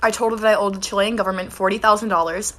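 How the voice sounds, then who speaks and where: A young woman telling a funny story to her phone camera, in a fast and lively way. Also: medium pitch.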